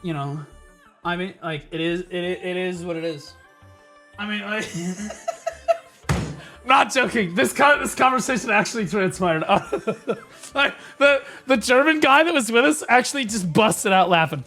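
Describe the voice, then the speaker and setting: A man streaming live, casually telling stories to his chat and often breaking into loud, laughing outbursts. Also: high-pitched, animated, unhurried, soft background music. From United States.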